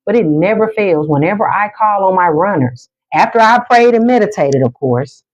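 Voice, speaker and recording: A woman reading spiritual cards on a livestream, talking to her chat in an emphatic, repetitive way that slows for calming affirmations. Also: medium pitch. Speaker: spiritual card reader on a livestream. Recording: dull lo-fi sound.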